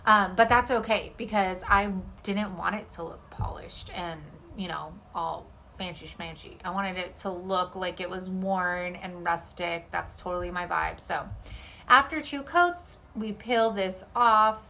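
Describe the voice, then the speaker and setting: A young woman hosting a craft channel narrates a DIY tutorial in a bubbly, rambling, chatty way, packed with "like" and "y'all". Her fairly low voice sounds pushed and bright, a little slow, with slight background noise.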